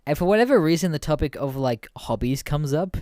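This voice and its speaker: A man's voice: fairly high pitch, lively intonation, fairly quick, mellow, no room sound, studio quality. A man in his twenties hosting a podcast, telling stories in a casual, rambling way, swearing freely and laughing often. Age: 20s. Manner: profane, laughs often, rambling with many fillers. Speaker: podcast host.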